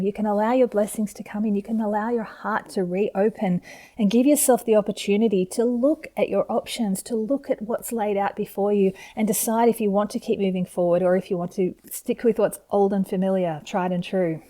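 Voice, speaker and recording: A woman giving a tarot reading on video, speaking in a gentle, encouraging and enthusiastic way to her viewers. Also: medium pitch, fairly even intonation, brisk. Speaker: tarot reader. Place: home setup with camera.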